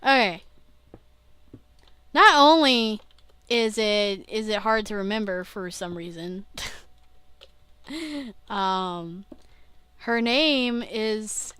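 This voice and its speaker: A woman's voice: medium pitch, expressive, very slow, long pauses, sharp tone, clean tone, dry recording. A young woman vlogging casually, rambling and interrupting herself, often laughing at her own slips. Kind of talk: casual rambling video diary.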